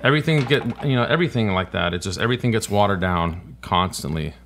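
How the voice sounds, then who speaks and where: Fast gravelly low-voiced man. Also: expressive, fairly bright tone. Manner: rambling, many "like" and "you know", swears. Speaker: podcast guest. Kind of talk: casual podcast chat.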